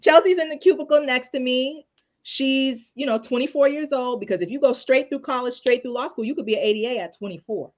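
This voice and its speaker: A woman criminal law attorney, a guest telling stories in a casual, animated way with many fillers. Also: high voice, fairly quick, lo-fi sound. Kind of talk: casual storytelling in a live discussion.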